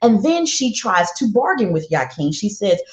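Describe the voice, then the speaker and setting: A woman's voice: mid-range voice, very animated, normal speed. A woman telling a parenting story to an audience in a candid, profane way, repeating lines for emphasis. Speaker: parenting speaker. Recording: echoey, dull lo-fi sound.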